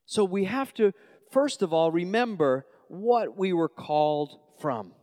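A man from Long Island preaches in a large hall with a long reverb. His fairly high voice jumps between loud, emphatic bursts and hushed, low asides. He often stumbles and restarts as he pushes through his points. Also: lively intonation, unhurried. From New York, Long Island. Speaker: pastor. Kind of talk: sermon.

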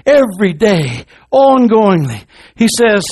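A pastor preaching a sermon, moving from quiet, low talk to loud, shouted passages and repeating phrases for emphasis. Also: male voice, big pitch swings, slow pace.

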